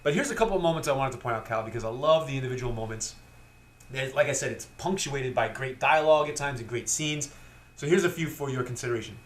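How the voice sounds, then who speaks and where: Animated man retelling movie scenes. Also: fast talker. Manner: animated retelling, acts out quotes in high voices. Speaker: podcast co-host, film critic. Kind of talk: casual film review chat.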